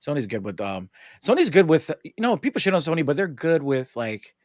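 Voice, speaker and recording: Male podcast host, higher voice, animated storyteller, dry close-miked sound. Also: fairly quick, no echo. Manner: animated, acts out movie lines in voices. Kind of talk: casual podcast chat.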